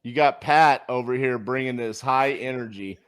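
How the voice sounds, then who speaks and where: A man's voice: medium pitch, normal speed, clear, resonant tone. Man, podcast host, casual interview, enthusiastic, mid-range voice.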